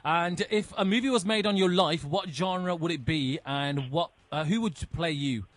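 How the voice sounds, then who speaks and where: A man hosting a radio interview, asking brisk, friendly questions and calling his guest "buddy". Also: on the high side. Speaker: radio host.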